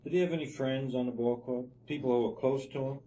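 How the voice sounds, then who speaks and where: A man's voice: mid-range voice, fairly even intonation, fast, dark tone, slight background noise, rough recording. A man interviewing, asking plain and curious questions.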